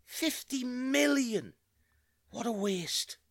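Comic pub-regular type: excitable and scheming, high lively voice, dry close sound, as an actor plays him. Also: male voice, a little slow, no echo. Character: scheming beer-loving British bloke, excitable. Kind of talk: comedy audio play acting.

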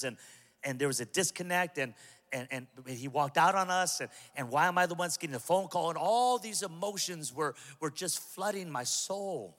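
A male pastor preaching a sermon to a large church, impassioned and humorous, building up to shouts. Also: fairly high pitch, animated, moderate pace. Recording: long hall reverb.

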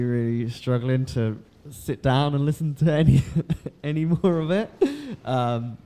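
A man's voice: mid-range voice, dark tone, clean tone. A man hosting a podcast in casual chat, rambling with lots of ums, laughing and swearing as he goes. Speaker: podcast host.

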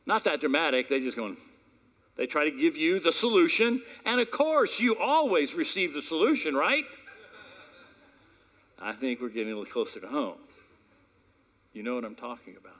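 A man preaching a sermon in a conversational storytelling way, swinging between sudden loud peaks and hushed asides. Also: on the high side, animated, normal speed, long pauses. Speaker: pastor.

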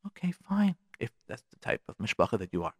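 Hosting a radio show on marriage advice, a man speaks frankly and gets worked up as he talks straight to listeners. His medium-pitched voice is fast, sing-song, and a little mellow, with no echo.

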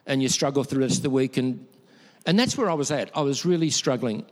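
A man's voice: medium pitch, quick pace. A middle-aged man with an Australian accent, preaching a conversational sermon full of personal stories and repeating words for emphasis. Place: church hall. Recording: long reverb from a church hall.

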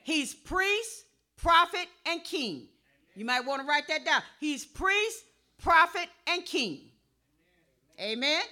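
A woman pastor preaching a sermon, calling for responses and rising to a shout. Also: sits high, sing-song, slow pace.

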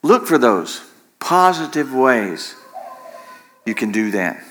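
A man's voice: medium pitch, sing-song, slow pace, a bit bright. A man preaching a sermon in an impassioned way, repeating phrases for emphasis. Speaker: pastor.

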